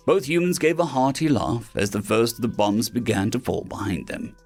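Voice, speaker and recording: A man narrating science fiction stories as an audiobook reader, animated and putting on voices for the characters. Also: medium pitch, normal speed, few pauses, soft background music. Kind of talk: scripted narration of sci-fi stories.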